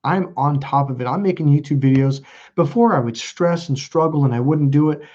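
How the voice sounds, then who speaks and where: A man's voice: on the high side, brisk, darkish tone, lo-fi sound. A man telling a personal story as a self-help video host, rambling and cutting himself off mid-sentence. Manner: rambling, self-interrupting, casual with profanity.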